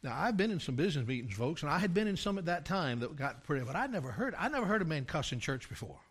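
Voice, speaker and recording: An older man preaching a sermon, telling a story from his years as a pastor and rising to loud, emphatic climaxes. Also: on the high side, very animated, quick pace, slightly rough.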